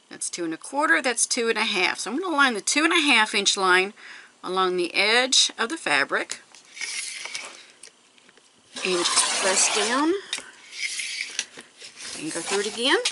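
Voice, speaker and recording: A woman's voice: medium pitch, noisy background. A woman hosting a quilting tutorial, talking through each step casually and counting measurements aloud as she works. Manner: talks to herself while working, counting measurements aloud. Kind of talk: casual step-by-step craft demonstration.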